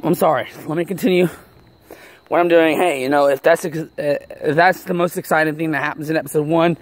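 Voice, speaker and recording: Man as a nervous amateur vlogger, out of breath, rambling, lots of ums, somewhat high voice, outdoors on a camera at arm's length. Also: close to an everyday voice. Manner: apologetic, rambling, with many ums. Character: nervous, out-of-shape man starting a vlog. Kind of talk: film acting as a self-filmed video log. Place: outdoors, walking near an apartment complex.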